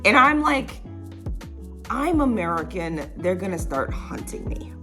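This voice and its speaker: A woman's voice: on the high side, a bit bright. A young woman vlogger telling a childhood story in a casual, rambling way, full of fillers and little laughs.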